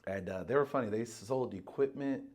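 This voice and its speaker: Animated storytelling man, podcast co-host. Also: mid-range voice, normal speed. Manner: animated, acts out quoted voices, swears freely. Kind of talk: casual storytelling chat.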